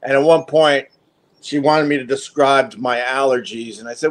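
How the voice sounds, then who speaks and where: A man in his fifties, hosting a livestream and chatting off the cuff. He rambles through his stories, mocks himself and swears freely. His voice sits a bit higher than most men's. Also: fairly even intonation. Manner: profane, self-mocking, halting with fillers. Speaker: livestream host. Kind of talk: rambling casual storytelling.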